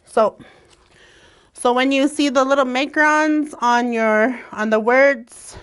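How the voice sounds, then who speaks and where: A woman teaching a language lesson. She speaks in a relaxed way, laughs often and draws out her example words. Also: high-pitched, slow, clear, resonant tone.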